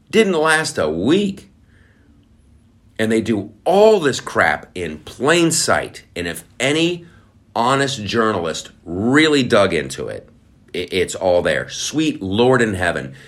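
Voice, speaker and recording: A man's voice: lowish voice, a bit bright. A male podcast host in a casual political rant, profane and fired up.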